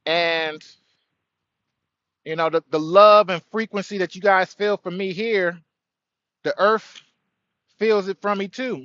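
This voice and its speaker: A man's voice: high-pitched, fairly even intonation, takes it slowly, long pauses, pushed and bright, no room sound, dull audio. A man hosting an outdoor spiritual livestream, speaking earnestly and greeting viewers by name. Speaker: livestream host. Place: outdoors by a tree.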